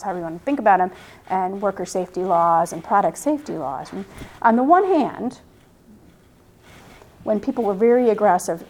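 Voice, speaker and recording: A woman's voice: medium pitch, darkish tone, low-quality recording. A woman in her fifties, a law professor giving a classroom lecture. She questions the class and thinks aloud, with restarts.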